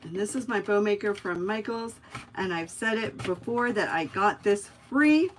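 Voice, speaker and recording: A woman's voice: mid-range voice, normal speed, slight background noise, poor audio. A middle-aged woman hosting a craft livestream, chatting casually and telling rambling stories to her viewers while she works. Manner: chatty, rambling storyteller, talks to viewers by name.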